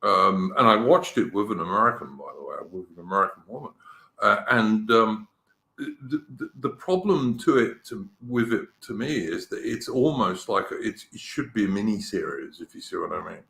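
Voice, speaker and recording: A man's voice: fairly low pitch, big pitch swings, normal speed, creaky, pushed and bright, reverberant. A middle-aged man with an English accent, hosting a casual live-stream chat, rambling and opinionated. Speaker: podcast host.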